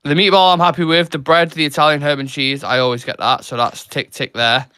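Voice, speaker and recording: A man's voice: on the high side, steady tone, brisk, bright, forceful tone, smooth. A young Englishman, co-hosting a live football watchalong with blunt, swearing banter. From England. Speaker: co-host. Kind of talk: casual live watchalong chat.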